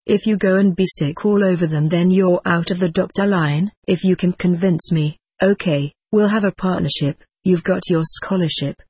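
Reader doing a blunt husky doctor. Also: mid-range voice, moderate pace, hardly any pauses, a little mellow, dry recording, lightly acted. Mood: firm. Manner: forthright, plain-spoken. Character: middle-aged male doctor, blunt and generous.

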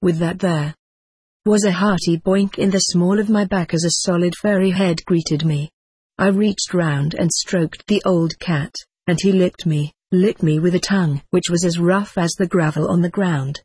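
Husky voice reading a story, steady and unhurried, dry close sound. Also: medium pitch, no room sound. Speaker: audiobook narrator. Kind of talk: first-person story narration.

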